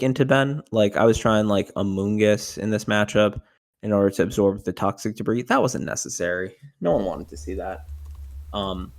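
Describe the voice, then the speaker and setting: A young man talking casually in an interview about his tournament run, rambling with lots of fillers and getting animated when retelling moments of panic. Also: on the low side, creaky. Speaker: tournament winner guest.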